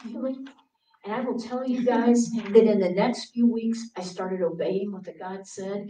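A woman preacher giving a sermon full of personal stories, acting out her younger self in a raised, pleading voice and dropping to hushed tones for quiet moments. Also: medium pitch, fairly even intonation, a little fast. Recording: roomy sound from a distant mic.

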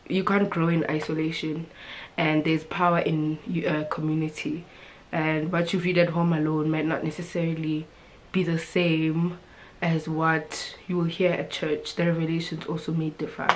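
A young woman talks straight to her camera in a loose, expressive vlog chat. Her voice sits a little low for a woman, and she keeps it lively with laughs and fillers. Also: measured pace. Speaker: vlogger.

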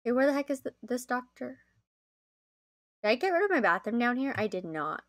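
A young woman chatting casually to viewers as she plays a game on a live stream, easily excited. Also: a little high, fairly quick.

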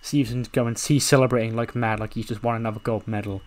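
Dude excitedly narrating his wrestling game run, swears a lot, keeps laughing, normal pitch. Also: fast talker. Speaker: video game commentator.

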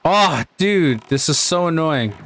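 Slow-talking exasperated gaming host, man. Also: a little high, expressive, fairly bright tone. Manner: exasperated, swears and laughs at himself. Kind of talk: gameplay commentary.

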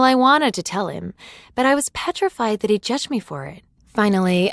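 High-voiced woman narrating a story ad. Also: no echo, clean studio sound. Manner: dramatic, confiding storytelling. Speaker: narrator of a sales ad.

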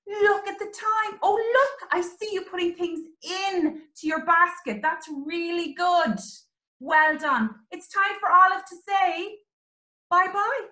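A woman teaching young children, animated and sing-song, with exclamations and little songs. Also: very high-pitched, takes it slowly. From Ireland. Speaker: early years teacher. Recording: roomy echo.

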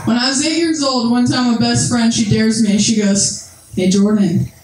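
A woman's voice: fairly high pitch, moderate pace. A woman performing a stand-up comedy set, telling a story and acting out the voices in it. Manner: storytelling with acted-out voices and laughter. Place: comedy club stage. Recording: echoey club with loud noise.

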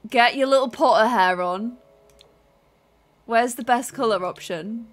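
This gaming YouTuber speaks in a rather high voice at an unhurried pace. She comments theatrically on the life-sim game she's playing, giggling and sounding playfully menacing in a lighthearted let's-play.

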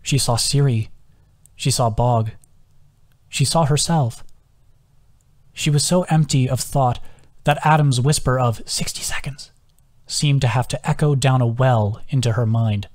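A man, the author, reading his own novel aloud as an audiobook narrator, in an even, measured way with hushed quoted lines. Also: medium pitch.

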